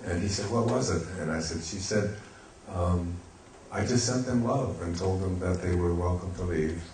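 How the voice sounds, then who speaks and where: Older male speaker, low-pitched, reflective storyteller, roomy hall sound. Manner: gentle, reflective, halting with fillers. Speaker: speaker on stage. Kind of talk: storytelling talk. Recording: echoey hall, faint hiss.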